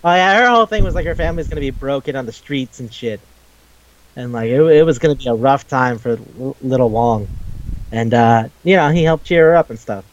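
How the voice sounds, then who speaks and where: A man co-hosting a casual podcast chat, excitable and rambling, swearing freely as he talks. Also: mid-range voice, a little fast, dull audio. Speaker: podcast co-host.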